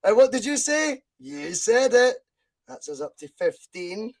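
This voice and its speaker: A Scottish man hosting a casual football quiz podcast, excitable and quick to shout when delighted. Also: very high-pitched, gravelly. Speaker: podcast host.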